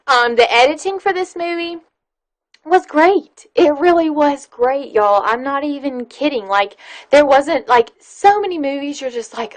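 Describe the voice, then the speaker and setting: A woman's voice: sits high, a little slow, low-quality recording. A woman giving a casual movie review on her vlog, chatty and gushing, with frequent fillers.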